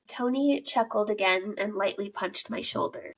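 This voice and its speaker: A woman's voice: mid-range voice, moderate pace, breathy edge, rough recording. A woman podcast host reading a listener's scary story aloud in a casual, giggly way.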